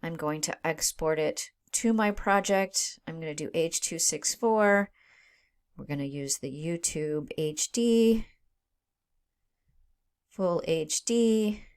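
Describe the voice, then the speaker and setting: A woman with a slightly low voice walks through a video-editing tutorial in a relaxed, conversational way. She thinks aloud as she works and keeps checking in with her listeners. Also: takes it slowly, clear, resonant tone. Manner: casual, thinks aloud, checks in with frequent "right?". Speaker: instructor. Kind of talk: screen-recorded software tutorial.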